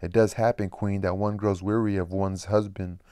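A man's voice: low-pitched, flat delivery, mellow, no room sound, studio quality, natural voice. Man reading as a sly fawning demon herald. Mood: confiding. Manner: confiding, drawn-out asides. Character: sly fawning male demonic master of ceremonies.

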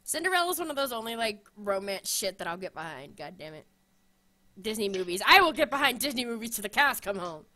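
Young woman co-host, bright lively voice, swears a lot, excitable. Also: mid-range voice. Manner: excitable and profane, quick to shriek and laugh. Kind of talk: casual chat.

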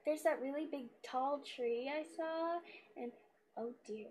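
A woman giving casual, hesitant let's-play commentary in a quiet voice, with lots of ums. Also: sits high, a little slow. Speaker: gamer.

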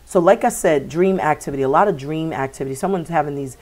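Low-voiced woman giving a tarot reading. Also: quick pace, darkish tone. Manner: meandering, repeats words, many fillers. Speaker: tarot reader. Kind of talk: spiritual reading for viewers.

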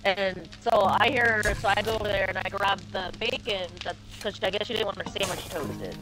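Young woman streamer, bright voice, rambling anecdote style, game music faintly behind. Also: mid-range voice, a little fast, rough recording. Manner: chatty storytelling, lots of fillers. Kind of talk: casual chat while gaming.

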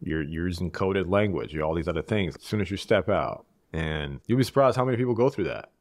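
A man from Eastern Europe talking as a podcast guest in casual, reflective conversation, measured and restarting his phrases as he thinks. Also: low-pitched, animated, no room sound, clean studio sound.

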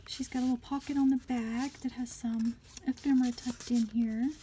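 A woman, chatting through an unboxing of craft gifts at home, gushing and often murmuring asides softly. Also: a little high, steady tone, normal speed, a little hiss or hum. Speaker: craft vlogger.

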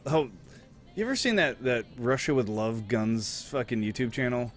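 A young man talks into a headset while he plays, rambling from one crude joke to the next. His voice sits at a middle pitch. Faint game music plays underneath. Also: expressive, moderate pace. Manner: crude, rambling, swears a lot. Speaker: streamer. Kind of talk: casual gaming chat.

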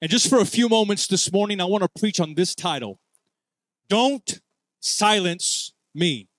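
A man preaches a church sermon in a high voice, calling out for the congregation to answer him. He moves at an unhurried, deliberate pace, drawing out his phrases in prayer. The sound is dry and close, with little room echo. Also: expressive, fairly bright tone. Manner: calls for congregation responses, leads prayer with drawn-out phrases. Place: church sanctuary.

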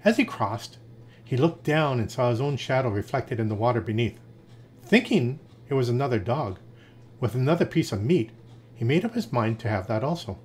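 A man reading fables aloud in a lively storytelling manner. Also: medium pitch, normal speed.

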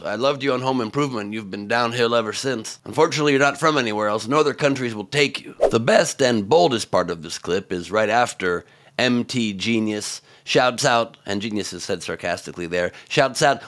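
A man hosting scripted comedic political commentary, sarcastic and mocking, with sudden loud outbursts. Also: medium pitch, normal speed.

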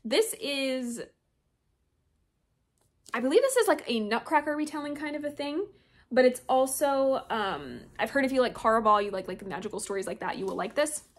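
A young woman with a slightly high voice talks through her latest book haul. She chats casually and gushes with excitement over her favorite editions, stopping now and then to read blurbs aloud. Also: a little fast. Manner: gushing, chatty, reads blurbs aloud. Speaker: booktuber.

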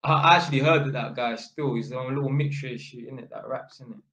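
The speaker, an electrician, recounts a story to camera in a mid-range, fairly bright voice that runs a little fast. His talk is casual, slangy, and profane, packed with "innit" and "fam," and the room sounds echoey.

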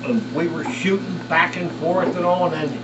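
A man's voice: on the high side, fairly even intonation, normal speed, background noise. Older man telling rambling profane stories. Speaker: storyteller among friends. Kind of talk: casual anecdotal storytelling. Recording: echoey, distant, dull, with loud crowd chatter.

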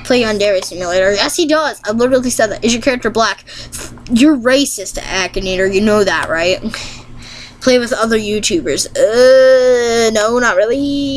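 Brief: giggly woman vlogger, chatty and casual, everyday middle-pitched voice. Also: a little hiss or hum, rough recording. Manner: chatty, giggly, reads prompts aloud quickly and answers them. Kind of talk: casual commentary while playing a game.

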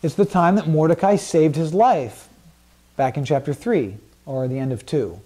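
A man's voice: fairly high pitch, normal speed, mellow, husky. A man teaching a Bible study group in a casual, conversational way, with many fillers and frequent questions to the class.

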